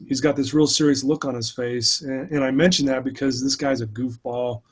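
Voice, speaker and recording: A man's voice: mid-range voice, fairly even intonation, normal speed, breathy edge. A man recounting his own struggles in an interview, speaking earnestly and candidly as a speaker and mentor. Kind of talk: personal storytelling in an interview.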